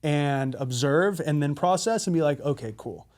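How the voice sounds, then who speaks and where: A man's voice: fairly high pitch, moderate pace, a little mellow. A man co-hosting a podcast in a casual conversation, candid and self-deprecating, with casual swearing. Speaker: podcast co-host.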